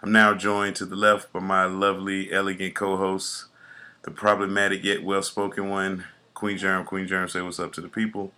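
Deep raspy guy hosting a podcast, kinda hoarse, bright punchy tone, loose and joking. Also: completely flat delivery, moderate pace. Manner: boastful, joking hype intro, loose storytelling. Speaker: podcast host; youth football coach. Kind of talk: casual podcast chat.

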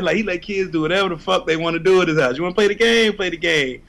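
A man's voice: high voice, fast talker, a bit bright. A man co-hosting a casual chat, bantering in a laid-back, joking way and telling a story about his son. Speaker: podcast co-host.

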